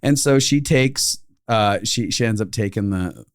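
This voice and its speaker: A man's voice: lowish voice, a little slow, no room sound, clean studio sound. A man co-hosting a podcast, telling a story casually and acting out the voices of the people in it. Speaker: podcast co-host.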